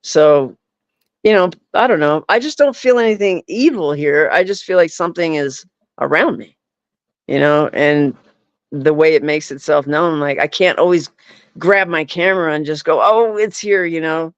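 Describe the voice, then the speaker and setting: Rambling man, smooth voice, lo-fi sound. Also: on the high side, normal speed, dry recording. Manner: rambling, full of "like" and "you know". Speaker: podcast guest, paranormal investigator. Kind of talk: casual chat. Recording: dull, lo-fi, dry.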